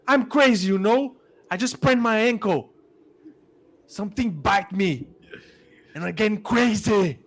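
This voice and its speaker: A man role-playing a young boy who pretends to be hurt and crazy, shouting wild excuses. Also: high voice, unhurried, long pauses, voice pushed up. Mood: frantic.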